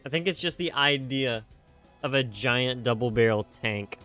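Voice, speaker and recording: A man's voice: mid-range voice, normal speed, bright, forceful tone, soft background music. A young man chatting casually on a live stream, rambling and joking at himself with lots of fillers and restarts. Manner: rambling, jokey, self-mocking, many fillers and restarts. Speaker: streamer reacting to game music.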